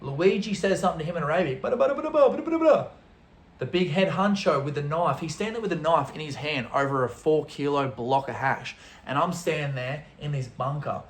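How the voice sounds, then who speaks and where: A young man, a travel vlogger, telling a story casually to camera in an animated way, throwing in sound effects. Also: fairly high pitch, a little fast, hardly any pauses. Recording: roomy echo.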